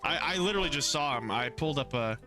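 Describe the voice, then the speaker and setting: Animated young man chatting on stream. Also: fairly high pitch, fast talker. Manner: animated, reads out and answers chat, trails off and restarts. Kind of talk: casual live-stream chat with viewers. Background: music.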